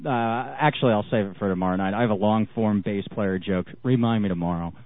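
A man's voice: on the low side, fast talker, dry recording. A man co-hosting in casual chat who laughs easily and stammers and restarts when he gets worked up. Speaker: co-host. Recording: phone-like line.

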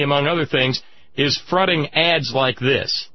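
A man giving impassioned political commentary, sarcastic and indignant, rising to shouts. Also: a little high, unhurried, muffled recording.

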